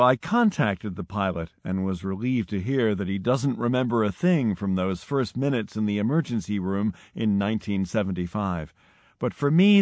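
A man's voice: medium pitch, darkish tone, dry recording. Man reading an audiobook, dry sound. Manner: measured, dramatic storytelling. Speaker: audiobook narrator. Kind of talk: scripted narration.

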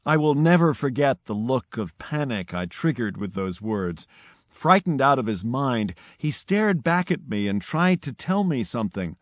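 A man narrating an audiobook in a measured, dramatic storytelling manner. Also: mid-range voice, big pitch swings, dry recording, clean studio sound. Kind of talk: scripted narration.

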